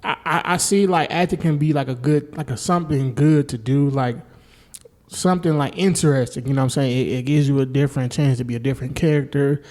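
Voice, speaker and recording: A man hosting a podcast, laid-back, asking questions with lots of fillers and shout-outs. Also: medium pitch, brisk. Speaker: podcast host. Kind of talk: casual interview chat.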